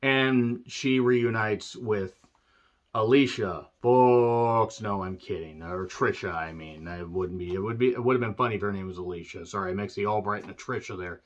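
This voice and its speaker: A man ranting through a movie recap, sarcastic and profane, often clearing his throat. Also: fairly low pitch, normal speed, highs cut off. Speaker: movie reviewer.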